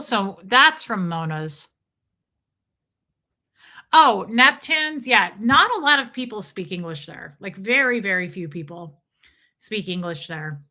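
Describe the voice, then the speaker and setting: A middle-aged woman with a low, pushed, bright voice runs a laid-back livestream. She's chatty, tells meandering stories, and reads audience comments aloud while answering.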